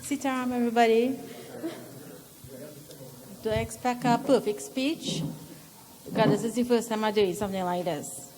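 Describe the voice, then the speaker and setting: A woman giving a heartfelt birthday speech to her father at a temple gathering, halting and emotional at times. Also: a little high, fairly even intonation, long reverb tail, background noise. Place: temple hall.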